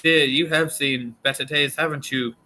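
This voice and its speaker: A chummy, flirty tiefling shopkeeper, put on by a man, high and bright. He greets customers with eager, overly welcoming friendliness in a tabletop game. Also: fairly even intonation, normal speed, rough recording. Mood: friendly.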